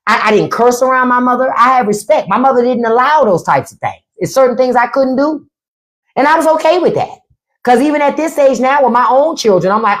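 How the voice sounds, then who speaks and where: A middle-aged woman hosts a live stream, telling profane, animated stories in a casual way and acting out the quotes. She is a podcast host with a high voice and a fairly quick pace.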